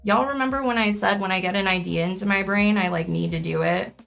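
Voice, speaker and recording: A woman's voice: mid-range voice, quick pace, vocal fry, a bit bright, faint music behind. A young woman streaming a crafting session in casual chat, rambling, correcting herself and laughing often.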